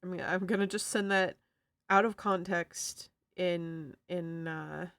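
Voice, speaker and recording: A woman's voice: on the low side, steady tone, slow pace, fairly bright tone, dry recording, studio quality. A woman streamer chatting casually, rambling and playful, with bits of song. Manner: rambling and playful, singing snatches of songs. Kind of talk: casual chat.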